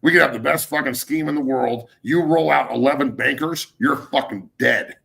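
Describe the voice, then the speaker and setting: Male sports talk host, middle-aged, gravelly, heated profane ranting. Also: medium pitch, normal speed, sharp tone. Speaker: podcast host.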